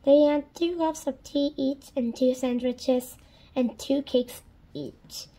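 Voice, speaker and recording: A woman reading a children's storybook aloud in a gentle, deliberate storytelling manner. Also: high voice, steady tone, low-quality recording. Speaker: storybook reader.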